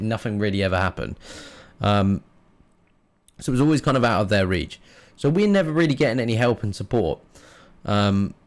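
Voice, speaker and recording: A man talks on his solo podcast in a low voice. He rambles in a casual, candid way, full of fillers and with the odd curse thrown in. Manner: rambling, frank, swears casually. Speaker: podcast host and streamer.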